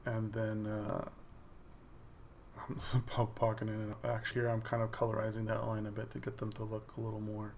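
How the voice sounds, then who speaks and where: Gravelly man talking through his art. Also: lowish voice, completely flat delivery, fairly quick, darkish tone, a little hiss or hum. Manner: explains each step as the work plays on screen. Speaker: digital artist. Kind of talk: casual voice-over of a drawing process video.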